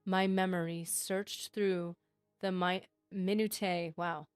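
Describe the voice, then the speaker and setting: A woman's voice: lowish voice, level tone, takes it slowly, clear, resonant tone, no echo, faint music behind. Woman streamer reading a game book aloud. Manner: reads steadily, breaking off for chatty asides.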